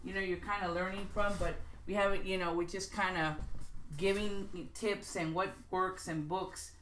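A woman's voice: lowish voice, fairly even intonation, fairly bright tone, a little hiss or hum. A woman hosting a casual writing podcast, reading from a book and talking it over in a loose, chatty way with many restarts. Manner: chatty, restarts and fillers, slows to stress quoted examples. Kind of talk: informal teaching podcast, reading quotes aloud. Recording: roomy echo.

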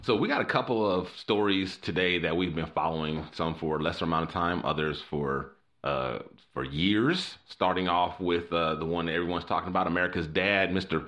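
A man's voice: low voice, brisk. A man co-hosting a podcast in casual chat, telling stories with energy and steering the show into its topics. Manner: animated storyteller, leads into topics. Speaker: podcast co-host.

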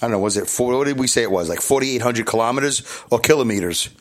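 A man's voice: mid-range voice, very fast. A man with a Brooklyn accent hosting his podcast from a hotel room, rambling and self-deprecating, with lots of restarts and asides. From New York. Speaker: podcast host. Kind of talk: casual solo podcast monologue.

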